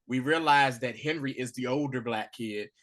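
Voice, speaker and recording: A man co-hosting a podcast, giving a casual, animated recap of a TV episode and acting out the characters' lines. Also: medium pitch, moderate pace. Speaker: podcast co-host.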